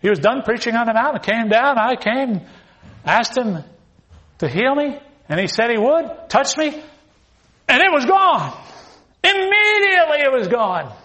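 A preacher playing an excited healed man. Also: very high voice, unhurried, lo-fi sound, voice pushed up, heavily acted.

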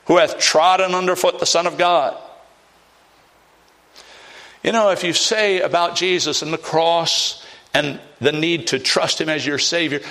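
A man preaching a sermon as pastor, emphatic, with big swings in pitch and loudness, and acting out doubters in a mocking higher voice.

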